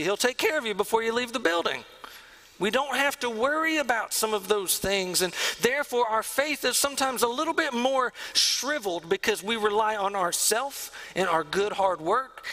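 Pastor guy preaching, earnest, goes quiet on the big lines, pretty high voice. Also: rough recording. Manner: earnest preaching, drops to a hush on key lines. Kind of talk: sermon. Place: church sanctuary.

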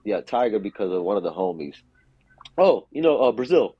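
A man's voice: fairly low pitch, big pitch swings, brisk, breathy edge, no echo, lo-fi sound. A man on a podcast telling stories in a casual, profane, slangy way and acting out what people said. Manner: profane, slangy, acts out quotes. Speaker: podcast guest, skater. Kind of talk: casual storytelling.

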